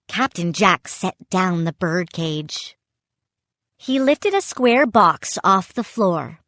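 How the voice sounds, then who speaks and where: A woman narrating a spooky children's audiobook in an expressive, dramatic first-person reading. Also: fairly low pitch, slow pace, dry recording. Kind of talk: scripted storybook narration.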